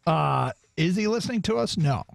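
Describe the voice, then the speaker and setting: A man's voice: fairly high pitch, lively intonation, moderate pace, creaky, no echo, clean studio sound. A man co-hosting a sports radio show, chatting casually and leading the segment. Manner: chatty, runs the segment, reads the call-in number.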